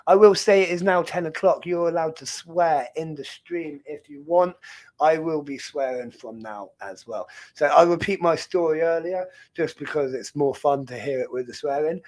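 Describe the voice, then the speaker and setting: A man's voice: a little high, a little mellow. A man, hosting a casual live stream in a rambling, jokey way and laughing often. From England.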